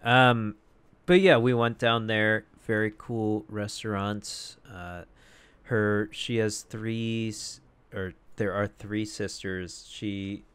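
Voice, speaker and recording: A man's voice: fairly low pitch, flat delivery, takes it slowly, a bit bright, clean tone. A young man co-hosting a podcast, chatting casually and rambling with frequent laughs into a foam-covered mic. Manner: laid-back, rambling, laughs often. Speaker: podcast co-host. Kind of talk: casual chat. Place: home podcast setup. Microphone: podcast mic with foam windscreen.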